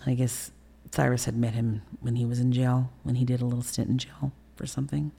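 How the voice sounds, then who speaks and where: Woman, sixties, husky, dark tone, blunt candid storytelling, swears freely. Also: extremely low pitch, flat delivery, fairly quick. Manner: blunt, profane, vivid storyteller. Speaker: interview guest. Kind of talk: candid storytelling in a podcast interview.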